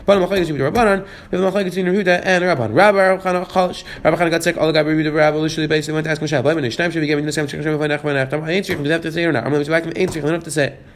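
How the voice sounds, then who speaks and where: A man, possibly, teaching a page of Talmud at a quick clip, with Hebrew and Aramaic terms mixed into his English explanations. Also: on the high side, fairly even intonation. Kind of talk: fast daily page lesson.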